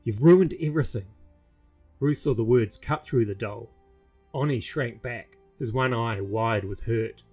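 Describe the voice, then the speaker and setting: A man with a slightly husky voice narrates a fantasy story at an even, measured pace. His pitch sits in the middle of the male range, and soft music plays behind him. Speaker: narrator reading his own novel.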